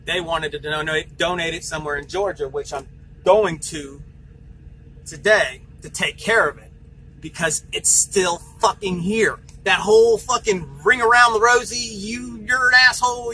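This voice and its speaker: A man's voice: fairly high pitch, sharp tone, a little hiss or hum, poor audio. A man working as a truck driver, venting angrily in a vlog, swearing and retelling heated phone calls.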